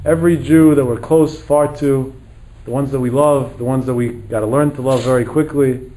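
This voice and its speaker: A man delivering a sermon as a rabbi, telling a story in sprinkled phrases. His voice sits in an ordinary middle pitch. He acts out each character's words, swells to emphatic highs and sinks to hushed low lines. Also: fairly even intonation, moderate pace, rough recording. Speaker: rabbi lecturer.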